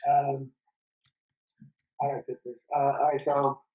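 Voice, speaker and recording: A man co-hosts a podcast in a low, mumbling voice, hesitant and reluctant to tell his story. His pitch is medium. The sound is dull and lo-fi. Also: monotone, slow, husky. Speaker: podcast co-host. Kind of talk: casual podcast chat. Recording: dull lo-fi audio.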